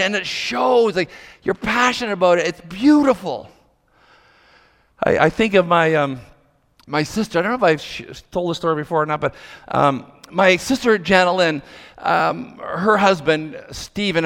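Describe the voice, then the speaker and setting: A male pastor preaching a sermon, telling a lively story and acting out the voices of the people in it. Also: high-pitched. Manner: animated, acts out quoted voices. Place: large church hall. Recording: long hall reverb.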